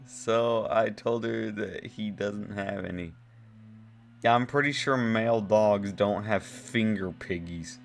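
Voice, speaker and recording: Lowish-voiced man mocking silly posts. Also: takes it slowly, gravelly. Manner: incredulous, mocking, laughing, rambling with fillers. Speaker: vlogger reacting to posts. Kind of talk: casual reaction commentary.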